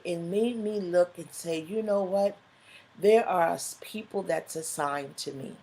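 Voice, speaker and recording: A woman's voice: on the low side, measured pace, a little mellow. A middle-aged woman hosting her own live online show, talking in an emotional, fervent way that builds into preacher-like exhortation. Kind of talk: live stream talk, preacher-like testimony.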